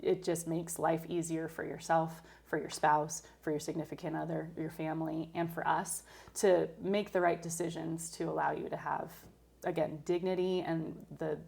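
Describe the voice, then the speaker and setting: Casting: woman in her 30s, nurse guest, lowish voice, candid and heartfelt. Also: level tone, normal speed, gravelly, darkish tone. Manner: candid storytelling, emotional at times. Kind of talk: casual interview chat.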